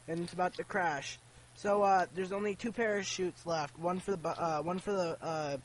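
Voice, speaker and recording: An excitable man loudly rambling through a joke as a gameplay commentator. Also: high-pitched, slight background noise. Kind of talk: casual joke-telling.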